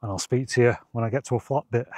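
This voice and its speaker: A breathless man talks casually to his camera on a windy moorland hilltop. His voice sits at an ordinary middle pitch and sounds close and dry, with an easygoing, chuckling manner. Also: a little mellow, no echo. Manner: chatty and easygoing, chuckles between remarks. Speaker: wild camping vlogger. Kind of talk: casual talk to camera while hiking.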